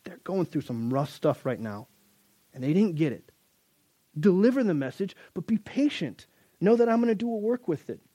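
A patient, gentle God calms an upset Moses with soft, reassuring words, as a male preacher acts him out. The sound is close and dry. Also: sits high, normal speed, no room sound.

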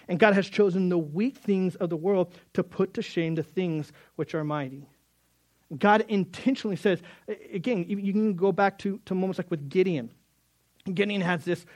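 A man's voice: fairly high pitch, darkish tone. A man preaching a sermon as pastor, earnest, often repeating words and acting out short bits of dialogue.

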